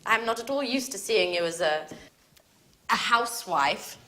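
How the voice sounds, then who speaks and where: A woman's voice: mid-range voice, animated, unhurried, sharp tone. An actress playing Anne, a curious, teasing woman friend, in scripted dialogue for English learners.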